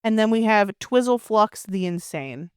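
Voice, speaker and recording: A woman in casual chat with her husband, playful and exasperated, recorded close in a quiet room. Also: mid-range voice, lively intonation, measured pace, clean tone, dry recording. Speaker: co-host, player's wife.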